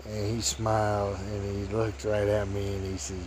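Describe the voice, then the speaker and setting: A man's voice: fairly low pitch, monotone, moderate pace, darkish tone, a little hiss or hum. A middle-aged man telling a rambling, folksy story in a casual way.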